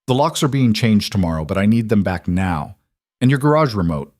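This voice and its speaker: A low-voiced, matter-of-fact ex-husband who dismisses everything in short, clipped lines, put on by a male narrator. The voice is dry and close, with no room around it. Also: big pitch swings, fairly quick, darkish tone, no echo. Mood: cold. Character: cold dismissive ex-husband, adult man.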